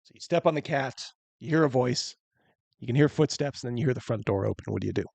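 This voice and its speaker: A man's voice: mid-range voice, lively intonation, fast, creaky, darkish tone, no echo. A man narrating as game master of a tabletop game, loose and chatty, laughing often.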